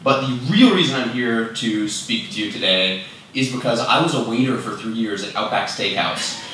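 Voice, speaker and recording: In a large conference room, a young man chats through his talk with self-deprecating humor and lots of fillers, moving around instead of staying at the fixed microphone. His animated, medium-pitched voice comes at a normal speed, sounding distant and roomy, occasionally off-mic, with background noise.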